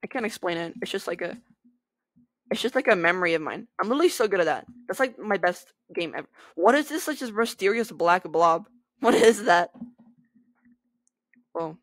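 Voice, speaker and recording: A woman's voice: on the low side, lively intonation, moderate pace, long pauses, no echo. Giggly young woman gaming commentator. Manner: giggly, bubbly, talks to viewers. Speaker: gaming video creator. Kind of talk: casual gameplay commentary.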